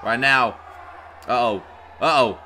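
Bright, fired-up man ranting live. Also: mid-range voice, takes it slowly. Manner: indignant, stammering restarts, bursts into shouting. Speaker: vlogger reacting to a wrestling match. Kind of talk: heated live reaction commentary.

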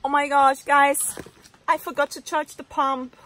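A woman's voice: sits high, level tone, a little slow, background noise. A woman vlogging to camera from inside a tent in a forest, talking dramatically with lots of exclamations. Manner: exclaiming, dramatic, keeps saying oh my gosh. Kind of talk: casual vlog to camera.

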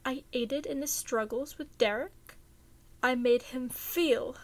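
A stiff, exhausted man of pure logic, as a woman reading a fan story puts him on, talks in clipped, formal, flat sentences. The voice sits fairly high. It is heard in a storybook reading. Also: slow. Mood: firm, bitter.

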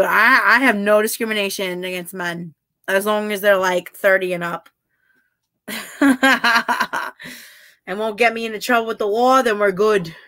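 Giggly, flirty woman streamer, bright voice. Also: fairly high pitch, no room sound, studio quality. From half Italian heritage. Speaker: livestreamer reading chat. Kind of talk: casual livestream chat.

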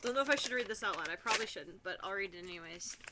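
A young woman talking casually to her webcam, excitable, giggly and swearing freely while she opens a package in her room. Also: medium pitch, racing, heavy background noise. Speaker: vlogger.

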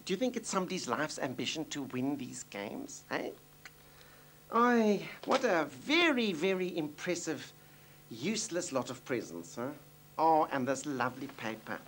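A man's voice: on the high side, very animated, moderate pace, fairly bright tone, a little hiss or hum. A man playing a doting, gossipy older Jewish mother with a South African accent in a TV sitcom. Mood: chatty. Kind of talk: TV sitcom acting.

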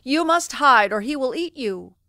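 A woman's voice: sits high, expressive, moderate pace, bright, forceful tone, dry recording, clean studio sound, pitched above the performer's own voice, exaggerated voice. A woman voicing a kind, worried giant's wife who speaks urgently and protectively, storybook style.

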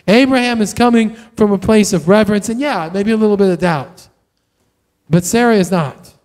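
A man preaching a sermon in a conversational, animated way, often tossing in "right?" to the congregation. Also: high voice, in a large hall. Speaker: pastor. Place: church sanctuary.

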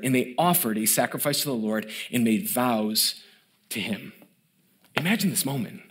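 Speaking at a moderate pace and medium pitch, a middle-aged man gives a sermon from the pulpit of a church. His portrayal of the story's figures is spirited, but his tone softens to a near whisper as he emphasizes mercy.

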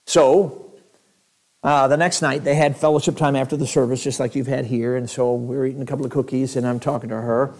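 A man's voice: mid-range voice, fairly even intonation, fairly quick, a little mellow. A male evangelist preaching a sermon in a church, telling stories in a conversational way with chuckles.

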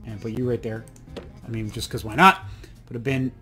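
A man's voice: mid-range voice, steady tone, fairly quick, bright, forceful tone, soft background music. A young adult man rambling and joking with himself while he plays a game. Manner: rambling, chatty, self-mocking asides. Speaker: let's play host. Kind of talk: casual gameplay commentary.

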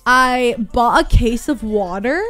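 Young female co-streamer, slightly high pitch, chatty animated storytelling, faint background music. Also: slow pace. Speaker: streamer co-host. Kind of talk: casual live-stream chat.

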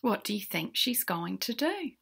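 A woman's voice: mid-range voice, big pitch swings, normal speed, creaky, fairly bright tone, husky. A woman reading a rhyming picture book aloud to children, in a sing-song way, sometimes whispering and asking the listener questions. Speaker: children's storyteller.

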